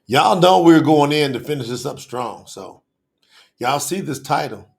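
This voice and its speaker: A man hosts a live online telethon, speaking passionately and casually straight to his viewers in slang. His voice is a little high, expressive and creaky, with a measured pace.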